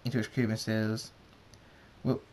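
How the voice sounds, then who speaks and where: A man's voice: fairly low pitch, monotone, measured pace. A man reading his fan fiction story aloud, in a plain narration with small restarts. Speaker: story reader.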